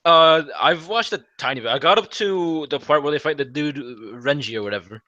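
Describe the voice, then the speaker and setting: A young man with a bright, slightly high voice chats casually with a friend. He is easygoing and agreeable, often pausing on fillers before finishing a thought. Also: no room sound, dull audio. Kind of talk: casual chat.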